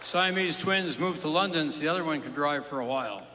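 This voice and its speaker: A man telling stand-up jokes in a bright, forceful voice. His punchy delivery rings out with a long reverb in the hall, and faint room noise sits behind him. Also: a little high. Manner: punchy storytelling with quick asides. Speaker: stand-up comedian. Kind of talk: live stand-up joke telling.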